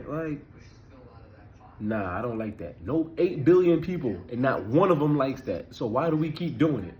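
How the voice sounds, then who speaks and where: With a mid-range voice and audio whose highs are cut off, a man in his thirties gives a loose, conversational spiritual talk as a vlogger. He keeps checking in with listeners by asking "you feel me".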